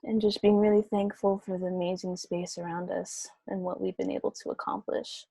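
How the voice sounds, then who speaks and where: A woman facilitator on a video call, giving soft closing remarks and leading a breathing exercise, with many fillers. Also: medium pitch, flat delivery, fairly quick, vocal fry, slightly rough, dry recording. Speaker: program facilitator.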